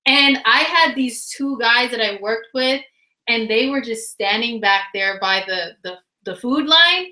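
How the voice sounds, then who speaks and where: A woman telling a funny personal story in a casual, animated way, laughing often and using lots of fillers. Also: fairly high pitch, a little slow. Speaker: vlogger. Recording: roomy echo.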